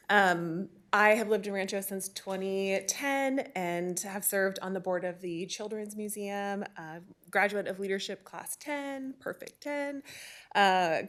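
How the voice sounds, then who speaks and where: Woman speaking at a council podium. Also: mid-range voice. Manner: friendly, hesitant with many fillers. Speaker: commission applicant. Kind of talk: public comment introduction. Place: council chamber.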